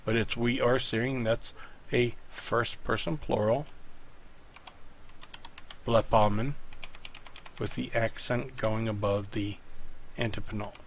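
A Greek teacher records a screen tutorial, typing at his computer while patiently guiding the student through each step. His mid-range voice stays level and slow, with long pauses and a bit of background noise.

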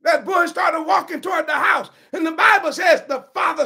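A man preaching a sermon with impassioned shouting and rhetorical questions. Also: extremely high pitch, moderate pace, creaky, few pauses.

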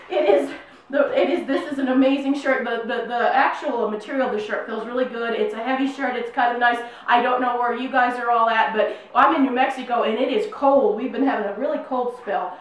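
A middle-aged woman chats through an unboxing video in a fairly high voice, bubbly and full of fillers. The room is very echoey. She sits at a distance from the mic. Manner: bubbly, gushing, chatty with many fillers. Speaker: YouTube unboxing host. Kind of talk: casual unboxing vlog. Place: home room, in New Mexico.

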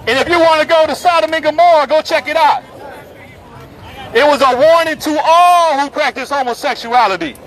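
High-voiced man preaching on a loud street. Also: fairly quick, rough recording. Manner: forceful and repetitive, calls out passersby. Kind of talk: open-air street preaching. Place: busy city street outdoors. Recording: street crowd and traffic noise. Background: crowd chatter and passing vehicles.

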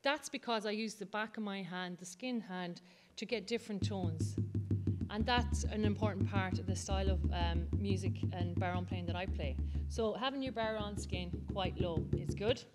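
A woman's voice: medium pitch, normal speed, loud music behind the voice. A woman with an Irish accent teaching the bodhrán, patiently explaining and counting the beats aloud. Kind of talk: music lesson demonstration. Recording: loud drumming behind the voice.

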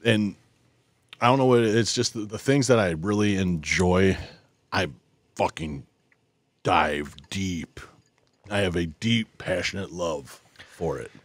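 A man's voice: low voice, measured pace, no echo. A man co-hosting a podcast, telling rambling, profane stories in casual chat. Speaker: podcast co-host.

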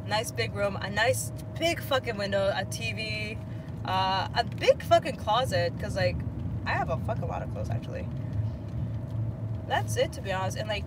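A woman's voice: mid-range voice, expressive, normal speed. Young woman vlogging in the car, lots of swearing, road noise behind. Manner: swears a lot, laughs loudly. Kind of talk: casual chat. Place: inside a moving car. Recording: noisy car interior.

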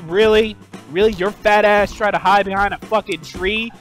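A man trash-talking other players in game voice chat, loud and profane, yelling taunts. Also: sits high, fairly even intonation, normal speed, soft background music. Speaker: gamer streamer.

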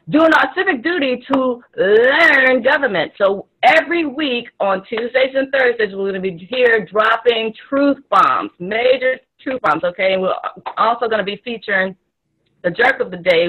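Female co-host, squeaky and slightly husky, loose and giggly delivery. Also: lo-fi sound. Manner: laughing, rambling, animated. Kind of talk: casual show intro.

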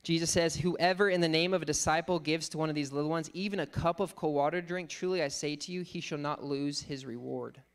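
Guy preaching a sermon, kinda high voice, earnest, slows down on the verses. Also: steady tone, smooth. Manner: earnest teaching, quotes scripture slowly, thinks aloud with fillers.

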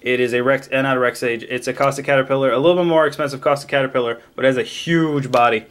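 A man casually opening trading card packs on camera, excitably rattling off card names and cracking jokes. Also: medium pitch, brisk. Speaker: card pack opening vlogger. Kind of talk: casual card unboxing commentary.

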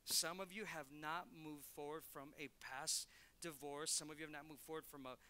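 A man's voice: a little high, steady tone, moderate pace, sharp tone. A male pastor preaching a conversational sermon in church, telling stories and acting out quotes. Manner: conversational, storytelling with acted quotes.

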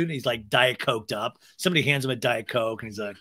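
A man's voice: medium pitch, quick pace. A man hosting a podcast, recapping reality TV in a casual, gossipy way, often swearing and acting out what people said. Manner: gossipy, animated, swears, acts out quotes. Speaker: podcast host.

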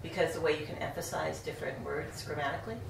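A woman's voice: low-pitched, level tone, fast, vocal fry. A woman student asking tentative, curious questions in a classroom discussion. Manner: tentative, inquisitive. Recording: distant, echoey room with faint ambience.

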